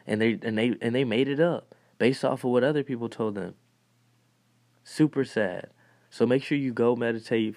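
A young man hosting a podcast, talking in a casual motivational monologue, animated and laughing often as he acts out what others said. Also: lowish voice, dry recording. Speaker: podcast host.

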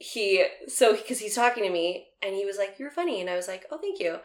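In an echoey room, a woman in her thirties who does comedy spins stories during casual chat, performing each quote with animation. Her voice is mid-range and a little fast.

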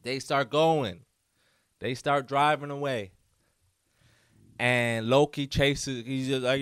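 A man hosts his podcast alone, telling a rambling story in a casual, animated way. His voice is smooth and clear, recorded dry and close with no room sound. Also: mid-range voice, slow, pauses often, no room sound. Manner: animated, loose storytelling full of fillers and quoted voices. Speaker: podcast host.

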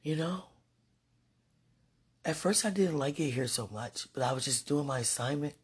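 A podcast host chats casually to her partner, speaking straight to them and laughing often throughout the monologue. Her voice is low and slightly rough, at a moderate pace.

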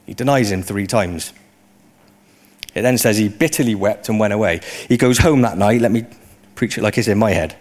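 A man preaching a sermon in a conversational way, often rising into animated emphasis. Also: lowish voice, moderate pace.

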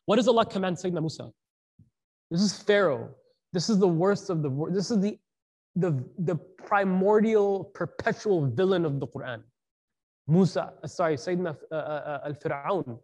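With a high-sitting voice and a darkish tone, this man preaches a conversational sermon. He questions the audience and sprinkles in slang as he goes.

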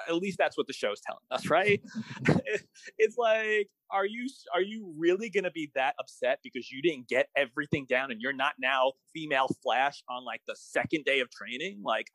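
A man's voice: mid-range voice, a bit bright, no echo, rough recording. A man co-hosting a casual podcast, wryly complaining about a TV episode with hesitant restarts. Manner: wry, hesitant, with many restarts. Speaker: podcast co-host. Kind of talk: casual episode recap chat.

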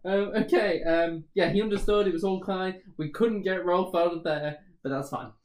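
A man's voice: sits high, steady tone, normal speed, echoey room. A man co-hosting a casual, joking chat about a tabletop game, rambling with lots of fillers and giggles. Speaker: podcast co-host.

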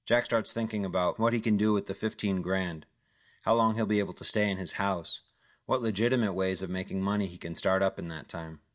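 A man narrating a crime thriller audiobook. His voice sits low and his storytelling is steady and matter-of-fact throughout. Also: a little fast. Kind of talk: scripted narration.

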